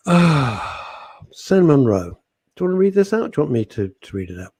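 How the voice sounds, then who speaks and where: Middle-aged male radio co-host, husky and earnest, faltering as he speaks. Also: on the high side, big pitch swings, no room sound. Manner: heartfelt, halting, trailing off softly. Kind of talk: casual radio chat, reading listener messages. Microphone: studio microphone.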